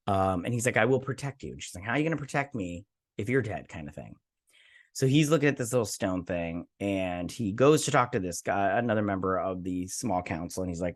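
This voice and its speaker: A man's voice: medium pitch, lively intonation, fairly quick, fairly bright tone. Rambling, tired man recapping a TV episode. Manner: rambling, loose, slangy retelling. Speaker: TV review host.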